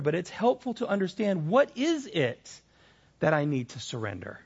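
Gravelly high-voiced man preaching. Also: sing-song, moderate pace, highs cut off. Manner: candid, personal storytelling with frequent restarts. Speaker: pastor. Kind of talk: sermon.

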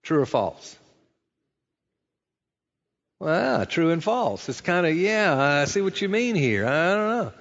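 A pastor giving a sermon in a folksy preaching manner, illustrating points with stories. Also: male voice, on the high side, sing-song, slow pace, long pauses, a bit bright, long reverb tail, muffled recording. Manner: folksy preaching with storytelling and acted-out quotes.

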